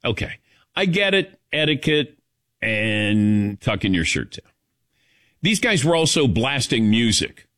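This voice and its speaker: A man's voice: mid-range voice, unhurried. A man hosting a talk radio show, telling a rambling story casually with lots of fillers. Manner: rambling, animated, many fillers.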